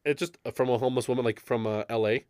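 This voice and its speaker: A man's voice: mid-range voice, steady tone, fast, darkish tone, clean tone, no echo, clean studio sound. A young man co-hosting a casual chat show, telling a story and acting out the quoted lines of the people in it. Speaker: podcast co-host.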